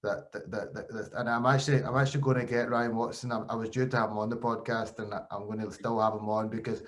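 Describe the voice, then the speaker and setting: A man's voice: fairly low pitch, quick pace. A man from Scotland, a podcast host and former cricketer, telling stories in a casual interview with quoted voices. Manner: animated storytelling with quoted voices.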